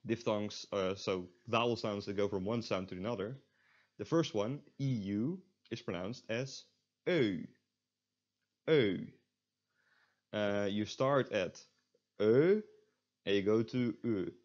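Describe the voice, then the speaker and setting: A man's voice: fairly low pitch, lo-fi sound. A man teaching a beginner's language lesson, patiently modelling sounds and repeating them, with wry asides. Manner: explanatory, repeats sounds slowly for learners, self-deprecating asides. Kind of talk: recorded online language lesson.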